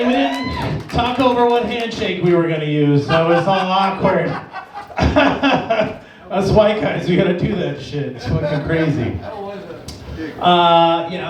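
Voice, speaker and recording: A man from Las Vegas doing a stand-up set, telling profane stories and yelling out other people's lines. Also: sits high. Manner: profane storytelling, acts out shouting characters. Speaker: stand-up comedian. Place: comedy club stage. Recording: echoey club, distant mic.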